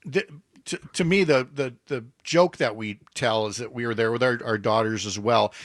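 A man's voice: mid-range voice, moderate pace, a bit bright, no echo, clean studio sound. A male morning radio host chatting casually and rambling a little. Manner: chatty, rambling, self-deprecating. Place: radio studio. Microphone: studio microphone.

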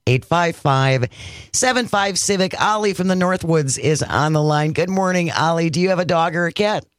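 A man's voice: a little high, clean tone, no room sound, clean studio sound. A man hosting a morning radio talk show, bantering with co-hosts and callers. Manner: animated, reads out phone numbers slowly. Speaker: radio host.

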